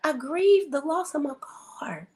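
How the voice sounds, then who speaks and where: A woman's voice: high voice, measured pace, crowd noise. A middle-aged woman, a guest speaker on grief, telling a story and acting out the people in it. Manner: animated storyteller acting out quotes. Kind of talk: storytelling interview talk.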